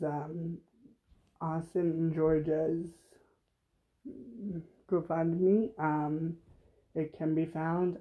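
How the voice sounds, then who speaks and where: A man hosting an unplanned solo podcast, talking haltingly with many fillers, emotional and close to tears. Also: fairly high pitch, narrow, tinny audio. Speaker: podcast host.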